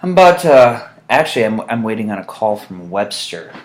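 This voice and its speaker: A man rambling to his camera in a loose, jokey monologue. His pitch swings freely, and he drifts between asides with plenty of ums. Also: sing-song, normal speed, slight background noise. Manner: dry, jokey, meandering with fillers. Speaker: vlogger.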